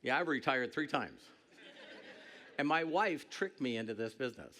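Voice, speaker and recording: A middle-aged man giving a motivational stage speech, animated and joking, breaking into shouts. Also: mid-range voice, normal speed. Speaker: network marketing speaker. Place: stage before a large audience.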